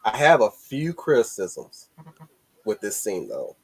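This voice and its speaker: A man hosting a casual movie discussion stream, excited and rambling, with lots of restarts and swearing. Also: fairly low pitch, unhurried, breathy edge. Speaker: host.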